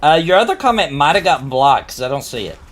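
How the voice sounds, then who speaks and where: A man casually chatting on a game stream, telling stories with lively shifts in voice. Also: quick pace, slight background noise. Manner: animated storyteller, jumps high when quoting people. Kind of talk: casual gaming stream chat.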